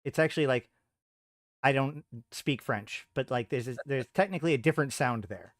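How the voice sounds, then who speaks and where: A man's voice: medium pitch, normal speed, dry recording, studio quality. A man hosting a live stream, thinking aloud in a casual chat with frequent trailing off and restarts. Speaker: streamer host.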